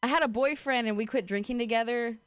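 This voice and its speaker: A young woman works through a stand-up set in a loose, profane, self-deprecating ramble, leaning on "like" and "you know." Her voice sits a touch high and the sound is dry and close to the mic. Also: fast, clear, resonant tone, no room sound. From Ohio, USA. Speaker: stand-up comedian.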